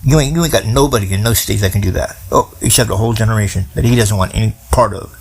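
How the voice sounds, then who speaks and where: A man's voice: lowish voice, quick pace, slightly rough. A man in his forties delivering a profane, rambling political rant in casual streetwise slang. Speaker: commentator.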